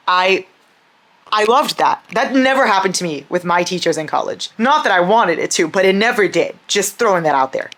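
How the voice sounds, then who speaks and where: A young adult woman chatting casually in a reading vlog, excitable and gushing, laughing often and swearing freely. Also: mid-range voice. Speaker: book vlogger.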